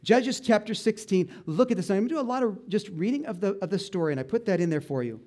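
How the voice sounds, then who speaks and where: A male pastor preaching a sermon, animated and joking, with asides and laughter between Bible readings. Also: sits high, fast.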